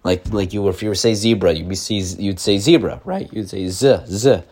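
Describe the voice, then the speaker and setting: A man's voice: sits low, normal speed, darkish tone, slightly rough. A young man rambling casually to camera, full of likes and restarts.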